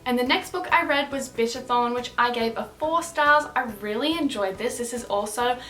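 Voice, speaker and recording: A woman's voice: fairly high pitch, normal speed, bright, forceful tone, faint music behind. A young woman with an Australian accent, chatting casually and upbeat through a book review vlog, rambling with fillers. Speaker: book vlogger.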